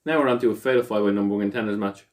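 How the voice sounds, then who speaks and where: A young man co-hosting a podcast in casual chat, teasing his friend and quick to call him out. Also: fairly low pitch. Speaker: podcast co-host.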